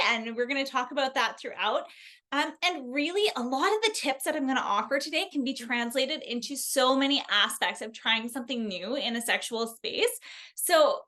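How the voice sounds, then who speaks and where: A woman sex therapist as a podcast guest, speaking gently and invitingly in casual chat. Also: sits high.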